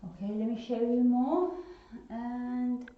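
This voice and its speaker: A woman teacher slowly taking young children through a phonics lesson, patiently repeating each sound. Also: on the high side. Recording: echoey room, dull lo-fi sound.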